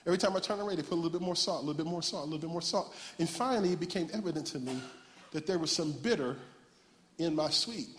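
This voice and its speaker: A man preaching from the pulpit with a fairly high voice, rising to shouts as he urges the congregation on. His words ring through a church hall with a long reverb tail. He switches from easy storytelling to fiery calls. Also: rapid-fire. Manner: lively preaching, call-and-response shouting, laughs. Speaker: pastor. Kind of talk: animated sermon. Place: church sanctuary.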